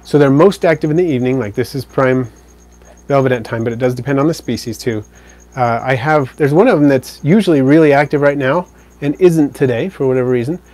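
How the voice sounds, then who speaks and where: A man hosting a live stream, casually answering viewer comments in a relaxed, rambling way. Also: medium pitch, fairly quick. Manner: relaxed, rambling, with fillers and self-corrections.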